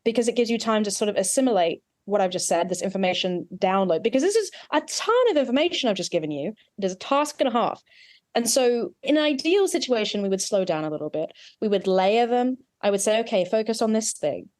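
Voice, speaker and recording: A woman's voice: mid-range voice, animated, brisk, a little mellow, dry recording, studio quality. A woman dialect coach giving an accent lesson, explaining mouth positions patiently and in technical detail.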